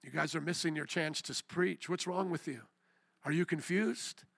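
Man preaching, high-pitched, gravelly, bright edge, dry close sound, fiery sermon with shouted questions. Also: fairly even intonation, normal speed, dry recording. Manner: shouts questions at the crowd, then drops to quiet prayer. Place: chapel.

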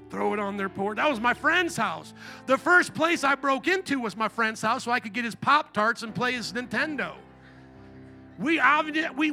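A middle-aged man from Indiana preaching a sermon as pastor, telling jokey stories in an animated, playful way. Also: extremely high pitch. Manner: animated, joking storyteller. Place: church.

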